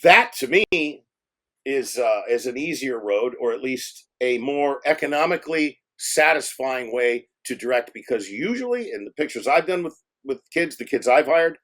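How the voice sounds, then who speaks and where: An older man tells stories from his directing days in a loose, rambling way. He stops and restarts often and fills gaps with um and you know. His voice grows animated when the story turns funny. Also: mid-range voice, normal speed. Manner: rambling, many fillers and restarts. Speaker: film director guest. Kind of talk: casual storytelling interview.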